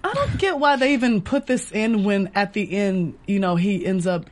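A woman with a Texas accent co-hosting a casual podcast, talking fast with lots of fillers. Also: mid-range voice. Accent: Texan. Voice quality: chatty, filler-heavy. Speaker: podcast co-host. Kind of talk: casual recap chat.

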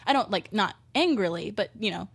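A woman's voice: medium pitch, lively intonation, fairly quick, gravelly, breathy edge, no echo. A young woman, a touring musician, chatting casually on a podcast, bubbly and laughing often as she acts out what people said.

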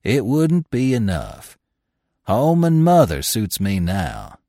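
A man's voice: mid-range voice, wildly swooping pitch, takes it slowly, vocal fry, mellow, no room sound, studio quality, full character voice. A man voicing a sullen old trapper and whaler who talks in a folksy, blunt backwoods drawl.

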